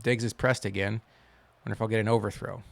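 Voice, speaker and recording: A man giving casual commentary while playing a football video game, wry and quick to complain, then cheering loudly on big plays. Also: on the low side, little pitch movement, gravelly, no room sound. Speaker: gaming channel host.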